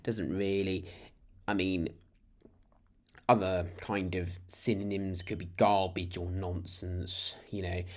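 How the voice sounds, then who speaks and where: A British man with a very low voice gives a relaxed, informal lesson straight to camera. He rambles in a friendly way and often restarts his sentences as he talks. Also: takes it slowly. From United Kingdom. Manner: chatty, rambling, full of restarts. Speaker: language teacher.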